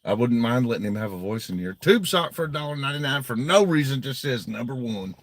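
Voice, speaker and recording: A man's voice: mid-range voice, expressive, fast talker, dry recording. A man hosting a casual livestream, blunt and heavily profane, often agitated as he reads viewer donations.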